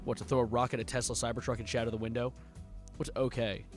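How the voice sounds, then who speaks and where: A man's voice: mid-range voice, level tone, fast talker, faint music behind. A young man live-streaming, reacting to documents he reads aloud with sarcastic, mocking asides.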